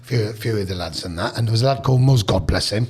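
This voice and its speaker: This Leicester man in his sixties talks fast, his low-ish voice slightly mellow with a breathy edge. Appearing as a podcast guest, he chats casually and wanders through anecdotes, restarting often and quoting what people said.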